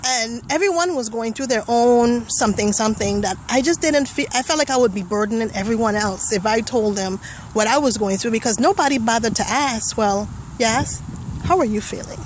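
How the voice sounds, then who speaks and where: A woman's voice: on the high side, normal speed, a little hiss or hum, poor audio. A young woman giving a personal testimonial, telling her story vividly and acting out the voices and thoughts she remembers. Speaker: testimonial speaker.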